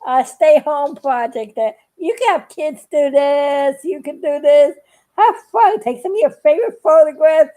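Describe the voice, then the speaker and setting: A woman's voice: sits high, a little slow, dark tone. An older woman chatting in a casual, folksy how-to vlog, giggling often and rambling a bit between steps. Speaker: craft video maker.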